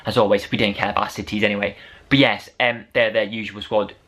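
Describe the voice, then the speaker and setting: Excitable man rambling about a match. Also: fairly low pitch, fast talker. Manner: excitable, rambling, rising to shouts over goals. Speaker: football fan vlogger. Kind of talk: unedited casual match review.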